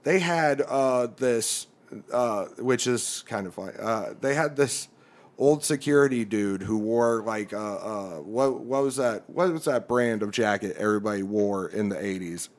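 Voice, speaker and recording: A young man, a comedian on a podcast, telling a long story among friends, swearing freely and acting out the people in it with raised, louder voices. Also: fairly low pitch, a little slow. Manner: profane, animated storyteller who acts out quotes loudly.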